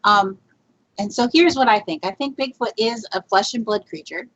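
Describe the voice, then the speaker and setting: A woman's voice: mid-range voice, animated, moderate pace, fairly bright tone. A woman guest telling a Bigfoot research story in a rambling, chatty way, with fillers and laughs. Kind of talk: casual storytelling in a podcast interview. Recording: lo-fi muffled audio.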